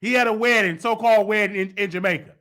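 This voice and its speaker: A man hosting a gossip commentary show, with a high, sharp and tense voice. He talks in a heated, sarcastic way and mocks the people he discusses. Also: fast talker. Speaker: host.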